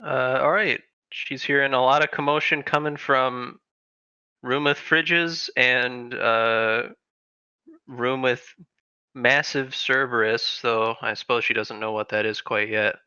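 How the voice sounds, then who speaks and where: A man's voice: medium pitch, fairly even intonation, takes it slowly, sharp tone, smooth, no echo, lo-fi sound. A man playing a tabletop game, hesitantly describing what his character does, with many fillers. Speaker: player.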